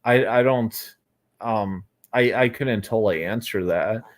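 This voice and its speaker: A man's voice: on the low side, measured pace, slight background noise. A young American man, a livestream interview guest, talking hesitantly and rambling with many fillers and restarts. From United States. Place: Florida.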